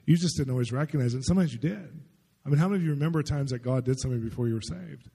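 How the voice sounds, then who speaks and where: A man with a mellow, slightly husky voice preaches a testimony-style sermon. He tells his story excitedly and rambles, full of fillers and restarts. A long reverb trails his words through the hall. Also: medium pitch, very fast.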